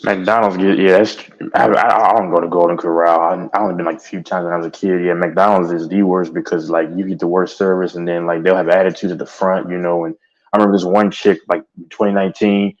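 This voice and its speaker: Low-voiced laid-back man. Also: little pitch movement, quick pace. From Texas. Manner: laid-back, stammers and restarts. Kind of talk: casual podcast chat. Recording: dull lo-fi recording.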